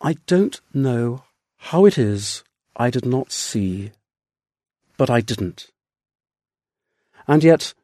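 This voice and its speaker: A man reading a literary story aloud as narrator, in a measured, deliberate way. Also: mid-range voice, warm tone, no echo, studio quality. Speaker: audiobook narrator. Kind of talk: scripted narration.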